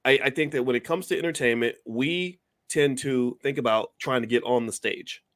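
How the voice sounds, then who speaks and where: A man with a mid-pitched, ordinary voice, recorded dry and close with almost no room sound. He talks through a remote call as a guest, laying out firm opinions in long, lecturing stretches. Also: normal speed, a bit bright, no echo. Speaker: guest commentator. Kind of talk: casual video-call conversation.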